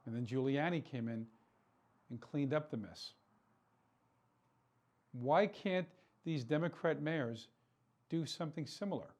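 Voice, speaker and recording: A man's voice: on the high side, a little slow, pauses often, darkish tone. A man hosting a political talk show, delivering an impassioned commentary monologue full of rhetorical questions and repeated words for emphasis.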